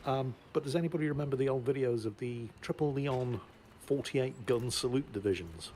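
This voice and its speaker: A man with a mid-pitched, everyday voice, chatting his way through a naval battle game and chuckling at the chaos. A faint hiss of background noise sits under the voice. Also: mellow. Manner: giggly, laughs often through his commentary. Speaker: gameplay commentator. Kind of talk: casual game commentary.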